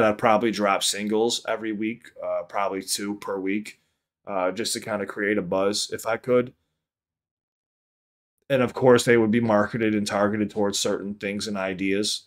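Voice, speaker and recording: A man hosting a casual live reaction stream, talking in a rambling way with lots of restarts and casual swearing. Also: fairly low pitch. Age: under 50. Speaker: livestream reaction host. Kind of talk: casual livestream chat.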